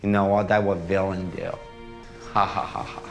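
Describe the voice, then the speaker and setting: An actor playing a strange, intense man who speaks broken English in a low, menacing way, in a film scene. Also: flat delivery, moderate pace, gravelly. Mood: mocking. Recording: roomy film audio with long reverb and faint music.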